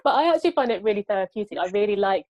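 A young woman chatting casually, telling stories with quick laughs. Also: mid-range voice, expressive, darkish tone, no room sound. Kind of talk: casual chat.

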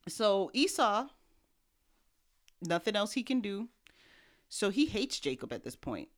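A woman's voice: mid-range voice, sing-song, a little slow. A woman co-hosting a podcast, casually retelling a Bible story and acting out the characters' lines in everyday slang. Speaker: podcast co-host.

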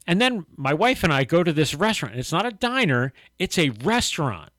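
Co-hosting a relaxed faith-discussion podcast, this middle-aged Christian man tells lively stories and performs the quotes in them. He speaks slightly high and slightly fast, in a dry recording.

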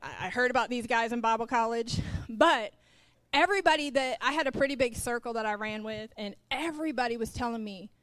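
A middle-aged woman preaches in a bright, fairly high voice and tells a personal story with animated delivery. She acts out both sides of each conversation and turns to ask the congregation questions. The sound is close and dry. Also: fairly quick, hardly any pauses, no room sound. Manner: animated, acts out quoted dialogue, talks straight to the congregation. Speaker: pastor's wife, preacher. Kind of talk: storytelling sermon.

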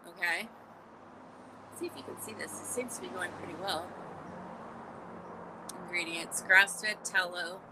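A woman hosting a casual live morning chat, exclamatory and chatty, with a scratchy throat she keeps clearing. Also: on the low side, measured pace, pauses often. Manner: chatty, exclamatory, frequent little laughs. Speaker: podcast host.

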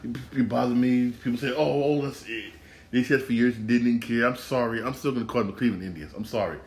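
A man's voice: medium pitch, fairly quick, a little mellow. A man hosting a casual solo sports podcast, rambling and repeating himself, with bursts of ranting.

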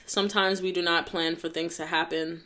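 A woman's voice: fairly low pitch, flat delivery, brisk, pushed and bright. Rambling heartfelt young woman podcaster. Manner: heartfelt, rambling, full of fillers like "like" and "you know". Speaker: podcast host. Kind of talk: casual solo podcast monologue.

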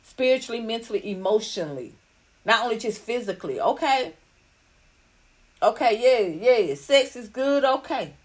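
A woman's voice: fairly high pitch, moderate pace. Blunt, profane woman podcast host. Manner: blunt, profane, animated and preachy. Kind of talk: casual livestream talk to viewers.

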